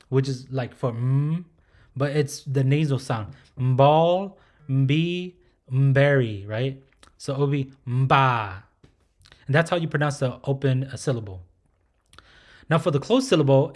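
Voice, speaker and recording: A man teaching pronunciation patiently, repeating each sound and often checking in with the learner. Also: mid-range voice. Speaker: language teacher. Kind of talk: pronunciation lesson.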